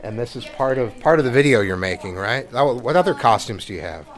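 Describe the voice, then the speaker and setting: A woman podcast host touring a school, interviewing students on the spot, encouraging and quick to laugh. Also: extremely low pitch, expressive. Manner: enthusiastic, laughs easily, encouraging. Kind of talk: roaming on-site interview. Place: busy school classroom. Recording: noisy classroom with kids chattering. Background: children chattering.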